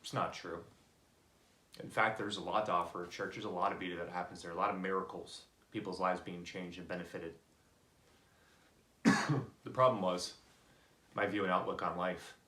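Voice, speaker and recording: A motivational speaker gives an earnest, candid personal talk, telling stories from his own life and getting animated when voicing others. His low voice moves at a moderate pace with long pauses, and the sound is roomy.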